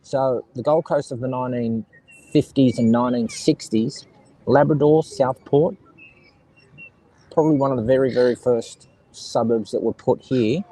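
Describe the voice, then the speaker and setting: A medium-pitched, mellow male voice at a moderate pace belongs to a middle-aged Australian rambling and joking with his stream viewers. He's outdoors by the sea with kids and seagulls around, and the audio is poor.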